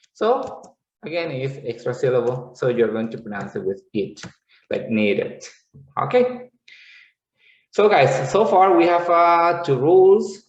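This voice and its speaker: Male teacher, patient classroom explaining; slow, roomy lo-fi sound. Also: medium pitch. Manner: explains slowly, repeats words, checks in with "okay". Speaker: English teacher. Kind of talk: classroom lesson. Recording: echoey room, dull lo-fi sound.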